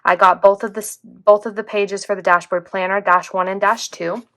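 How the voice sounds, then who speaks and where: A woman's voice: mid-range voice, steady tone, moderate pace, fairly bright tone. A young woman, chatting casually and rambling as she plans in her vlog. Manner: chatty, rambling, says "like" often. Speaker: planner vlogger. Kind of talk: casual chat while planning.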